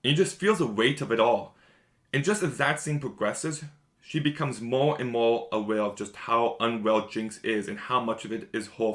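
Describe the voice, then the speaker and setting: A man's voice: medium pitch, fairly bright tone. A man giving a casual, rambling spoiler review of a show, enthusiastic and repeating himself often.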